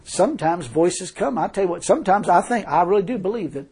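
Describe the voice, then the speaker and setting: A man's voice: high voice, expressive, a little fast, mellow, husky. A man preaching a fervent sermon, telling a story and repeatedly crying hallelujah.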